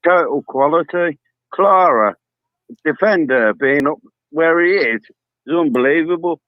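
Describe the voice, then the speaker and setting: A man's voice: a little high, measured pace, dry recording. Confident male caller on a dull line. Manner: brief, confident answers. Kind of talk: casual phone-in chat. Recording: dull dry phone line.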